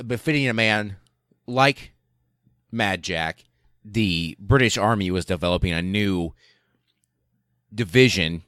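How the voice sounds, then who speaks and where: A man's voice: deep voice, fairly bright tone, no room sound, clean studio sound. A man hosting a podcast, telling a history story in a casual, rambling, profane way with fillers and laughs. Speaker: podcast host.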